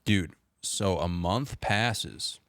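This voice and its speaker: A man's voice: deep voice, expressive, extremely slow, a bit bright, no room sound, clean studio sound. A young man telling a story as a podcast guest in casual chat, laid-back and saying "dude" and "like" all the time.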